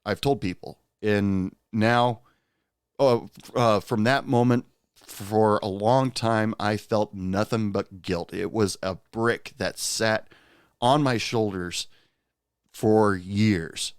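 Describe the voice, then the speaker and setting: Low-voiced man telling a rueful story. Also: steady tone, slow, clear, resonant tone, no echo, studio quality. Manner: candid, rueful, conversational. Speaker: podcast host. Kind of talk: personal storytelling monologue.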